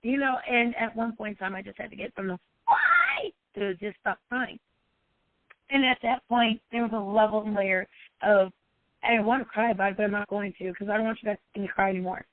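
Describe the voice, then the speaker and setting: Addressing her followers personally, this life coach sounds emotional and repeats herself, at times letting out high cries. Her voice comes through with phone-quality sound and no room sound.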